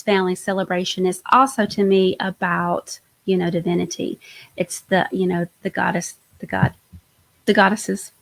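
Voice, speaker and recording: Chatty woman doing a live tarot reading. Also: medium pitch. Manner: warm, chatty, enthusiastic, trails off and restarts. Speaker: host, tarot reader.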